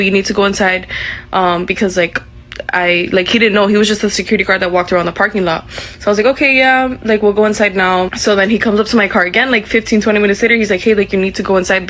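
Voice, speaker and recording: Rambling young woman telling a story. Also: mid-range voice. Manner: rambling, filler-heavy, breathless retelling. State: pregnant, short of breath. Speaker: eyewitness telling her story. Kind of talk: casual storytelling.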